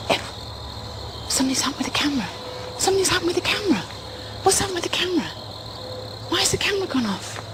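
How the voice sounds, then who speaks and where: A woman's voice: extremely high pitch, noisy background. A woman presenting a paranormal show, alone in the woods at night, calling out to spirits with nervous, whispering fright. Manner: nervous, jumpy, whispering often, with bursts of nervous humour.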